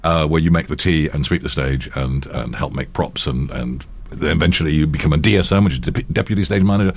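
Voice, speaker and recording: A rumbling low voice with a breathy edge moves fast as an older male actor and voiceover artist chats in a casual interview. As the guest, he tells rambling anecdotes, often restarting and laughing readily.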